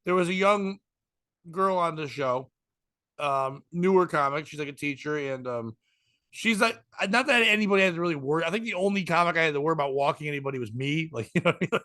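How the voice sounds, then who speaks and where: A man's voice: fairly high pitch, lively intonation, quick pace, pushed and bright, no room sound, clean studio sound. A man, a stand-up comic hosting a podcast, rambling through a story with profanity and acted-out quotes. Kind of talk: casual storytelling chat.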